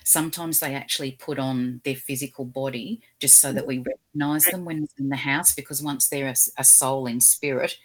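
A woman from Australia, a guest in an interview, telling gentle, animated stories about talking with animals. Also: rumbling low, brisk, hardly any pauses. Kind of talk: casual interview storytelling.

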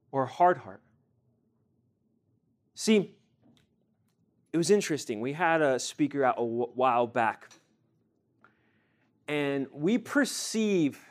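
Young man preaching with lively energy. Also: a little high. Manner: animated, acts out everyday scenes and quizzes listeners. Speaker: youth teacher. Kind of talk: sermon.

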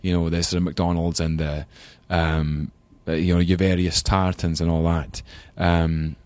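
A London-accented actor from England, in his thirties, chats loosely as an interview guest, rambling between thoughts, poking fun at himself, and laughing often at his own stories. His very low, darkish voice holds a level tone and moves a little slowly. The sound is close and dry, with no echo.

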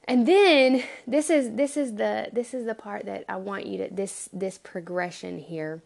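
A woman giving an earnest, halting Bible teaching, acting out pleading prayers to God. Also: mid-range voice, creaky, a little mellow.

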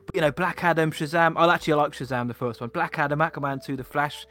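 A man co-hosting a casual chat, opinionated and chatty with quick asides. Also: on the high side, pushed and bright. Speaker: podcast co-host.

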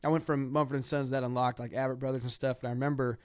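Fast-talking man, rambling storyteller. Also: medium pitch, flat delivery, no echo. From Ohio. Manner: rambling storyteller, heavy use of "like". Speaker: guest musician. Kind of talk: casual chat.

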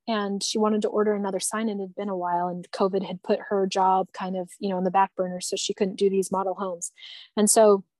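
A woman's voice: mid-range voice, little pitch movement, a little fast, darkish tone, dry recording. A woman sharing personal experiences in a conversation, talking in an earnest, tender way with frequent restarts. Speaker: guest.

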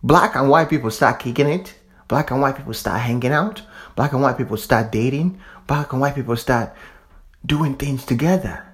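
A man from Africa, medium-pitched and speaking at a moderate pace, delivers an impassioned, repetitive monologue. He preaches fervently while swearing casually.

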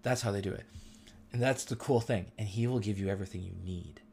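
A man's voice: on the low side, fast, dark tone, a little hiss or hum. Man, middle-aged, host, casual faith talk, earnest, emotional, slangy.

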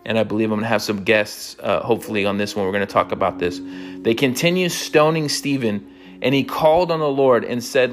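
A man's voice: fairly low pitch, fairly quick, music in the background. A man hosting a podcast Bible study, teaching in an emphatic, conversational way and often asking "right?".

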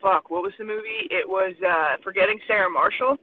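A man's voice: sits high, wildly swooping pitch, fairly quick, vocal fry. A man rambling in casual crude chat with friends, swearing and laughing a lot. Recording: tinny phone-like sound, faint noise.

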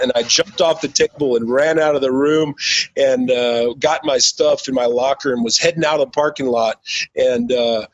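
Husky, blunt-talking former football player. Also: male voice, mid-range voice, fairly even intonation, normal speed, no room sound, lo-fi sound. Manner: blunt, profane, loose with fillers. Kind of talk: casual storytelling.

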